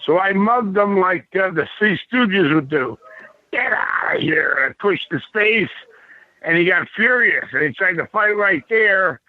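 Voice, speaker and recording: A man's voice: sits high, lively intonation, unhurried, no room sound. A man guest telling a story in a loose, conversational way. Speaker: podcast guest. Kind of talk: casual storytelling. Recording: thin phone-like dry sound.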